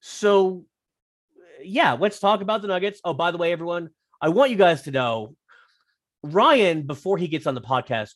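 A man talking as a guest on a sports podcast, wry and teasing, quick to joke. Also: high-pitched, animated. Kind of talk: casual sports podcast chat.

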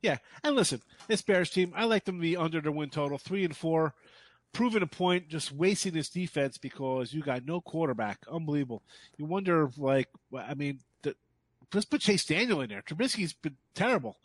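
A man's voice: fairly high pitch, expressive, fairly quick, no room sound. A man giving sports betting picks as a guest handicapper, speaking bluntly and emphatically with scorn.

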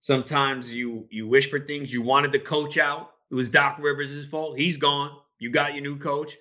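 A man hosting a sports betting podcast, talking in an opinionated, rambling way that gets animated when he's riled up. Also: mid-range voice, moderate pace. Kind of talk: casual podcast talk.

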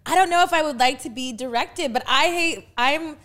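Loud teasing young woman host. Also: high voice, moderate pace. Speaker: podcast host. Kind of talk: casual explicit chat.

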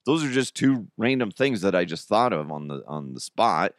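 A man's voice: medium pitch, expressive, moderate pace, a bit bright, dry recording, clean studio sound. A man hosting a podcast in casual, rambling chat, mocking himself and laughing often. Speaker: podcast host.

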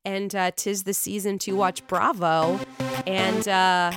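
A woman with a Pittsburgh accent gushes and swears her way through a casual podcast chat. She is sick, so her voice sits lower than normal, yet it stays bright and smooth. The recording is close and dry. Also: slow, no room sound, faint music behind. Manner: excitable, profane, chatty. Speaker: podcast host.

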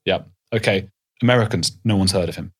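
An English man as a podcast guest in casual chat, rambling and animated, with lots of restarts and fillers. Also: sits low, fairly quick, breathy edge.

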